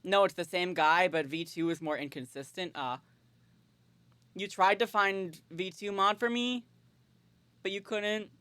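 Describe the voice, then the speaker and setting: A woman streamer giving casual, excitable and jokey commentary on a game, swearing often, on a close mic. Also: on the low side, unhurried, long pauses, clear, resonant tone, no echo.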